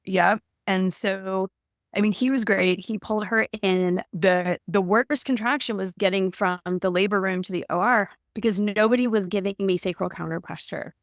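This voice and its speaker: Lively woman retelling her story. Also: medium pitch, moderate pace, no room sound, studio quality. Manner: animated, acts out quoted dialogue. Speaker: guest recounting her birth. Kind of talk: conversational storytelling.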